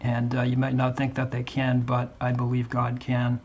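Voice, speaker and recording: Earnest guy talking to his viewers, kinda flat, stops and restarts a lot, faint hiss behind. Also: mid-range voice, lo-fi sound. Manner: halting, earnest, with repeated restarts. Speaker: Christian YouTube channel host. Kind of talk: earnest casual monologue to viewers.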